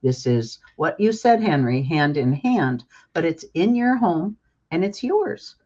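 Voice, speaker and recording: A woman's voice: deep voice, animated, measured pace, warm tone, lo-fi sound. An older woman, a book author, speaking as a guest in a talk-show interview in an earnest, emphatic and openly emotional way.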